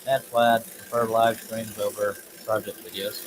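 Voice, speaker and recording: A man with a fairly low voice chats loosely through a woodworking live stream, wandering off topic and poking fun at himself as he reads comments out. Clear background noise and buzzing insects sit under his voice in the workshop. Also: level tone, moderate pace. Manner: rambling, self-deprecating, reads chat comments aloud. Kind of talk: casual live stream chat while working.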